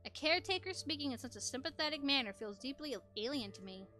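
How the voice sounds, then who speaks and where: A woman reading a visual novel aloud in expressive first-person narration on a headset mic. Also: high-pitched, fast, faint music behind. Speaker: gameplay narrator.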